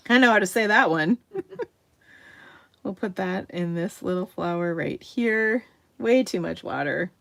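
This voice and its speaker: A middle-aged woman with a lowish, slightly bright voice and some vocal fry hosts a casual painting tutorial. She's chatty and self-deprecating, laughing often as she demonstrates.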